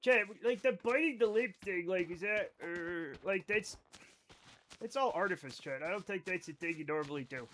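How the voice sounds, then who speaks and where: A man chatting live with his viewers while he plays. His voice sits high, and he rambles from one joke to the next, often mocking himself. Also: moderate pace, a bit bright, a little hiss or hum. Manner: rambling, joking, playfully self-mocking. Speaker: live streamer. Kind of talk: casual gameplay chat with viewers.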